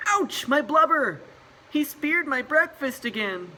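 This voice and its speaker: A man voicing nervous whales of a pod in a picture book story, shouting in a shrill voice. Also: big pitch swings, slow pace, full character voice, rough recording. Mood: alarmed.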